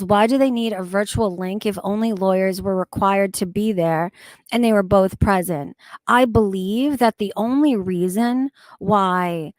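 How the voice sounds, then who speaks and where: A woman's voice: mid-range voice, dry recording. A woman co-host earnestly explaining her view in casual chat.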